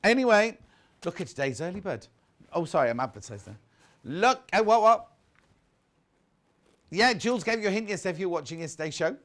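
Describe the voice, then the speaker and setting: A man's voice: high voice, lively intonation, a little fast, long pauses, a bit bright. A man presenting a live TV shopping show, chatting casually and reading out viewer messages. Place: TV studio.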